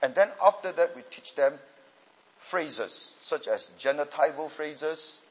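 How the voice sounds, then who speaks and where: A man's voice: on the high side, lively intonation, measured pace, slightly rough. A man, a pastor and Bible teacher, answering student questions in a teaching session and often checking that listeners follow. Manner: explanatory, asks checking questions. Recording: long hall reverb.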